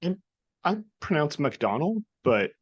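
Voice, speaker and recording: Low-voiced, dry podcast host. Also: male voice, animated, no echo, lo-fi sound. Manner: measured, curious questioning. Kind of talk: interview questions.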